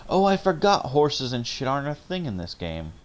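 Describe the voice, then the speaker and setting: A man's voice: medium pitch, big pitch swings, moderate pace. A man streaming a game, reading its text aloud and adding laughing, self-mocking asides. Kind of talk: let's-play narration and commentary.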